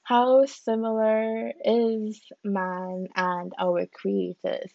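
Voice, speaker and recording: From a room at home, a woman hosts a podcast, mixing reading aloud with chatty musing packed with "like" and "you know". Her mid-range voice has vocal fry; the audio has no room sound but its highs are cut off.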